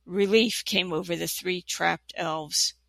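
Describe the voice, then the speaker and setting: A narrator reads a fantasy tale aloud at an even pace. The voice is heavily gravelly with a bright, forward edge. The sound is dry and close. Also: mid-range voice, slow pace, no room sound. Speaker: audiobook narrator. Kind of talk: storybook reading.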